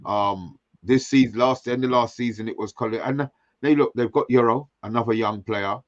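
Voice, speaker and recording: A man co-hosting a casual live stream who talks in a halting way, repeating words and saying "you know" often. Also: medium pitch, dry recording, dull audio. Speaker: co-host.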